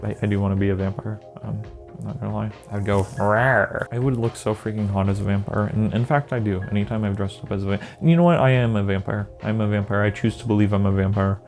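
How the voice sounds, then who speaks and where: A man's voice: lowish voice, quick pace, gravelly, dark tone, soft background music. A man delivering a comedic rant monologue as a video creator, sarcastic and exasperated, with exaggerated asides. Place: indoor green-screen setup.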